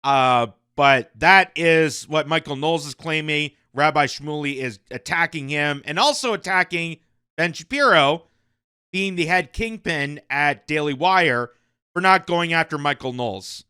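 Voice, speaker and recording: Animated, mocking high-voiced male commentator. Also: a little slow, smooth, dry recording, studio quality. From Canada. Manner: animated, mocking, laughs between points. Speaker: commentary channel host. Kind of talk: opinion commentary on news.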